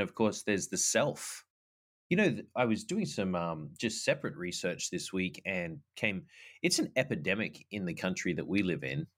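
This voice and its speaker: Upbeat Australian man, low voice. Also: fairly bright tone. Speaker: podcast co-host. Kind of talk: casual faith podcast chat.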